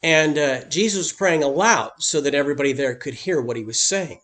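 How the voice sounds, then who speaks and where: A man's voice: on the high side, a little fast, fairly bright tone. A man preaching a sermon as pastor, speaking emphatically and lifting his voice on key points.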